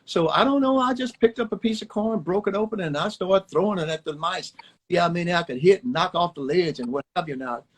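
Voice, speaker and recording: A man's voice: high voice, fairly quick, low-quality recording. An older man from Alabama, a former ballplayer, telling folksy, rambling stories in an interview and repeating his words as he goes. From Alabama, USA. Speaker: former baseball player, guest. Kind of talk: storytelling interview chat. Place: home, on a livestream. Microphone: phone on a live video stream.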